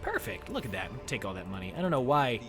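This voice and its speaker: This young American streamer has a fairly low pitch and talks fast, chatting casually with viewers during his gaming session. Excitable and joking, he squeals with delight when he's pleased, and faint music can be heard behind him.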